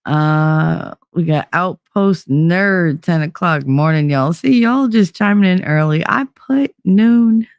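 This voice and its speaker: Gravelly, frazzled woman streamer. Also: fairly low pitch, slow, few pauses, no echo, studio quality. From New Jersey. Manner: rambling, profane, reads chat aloud. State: sleepless and frazzled. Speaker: livestream host. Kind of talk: casual livestream chat.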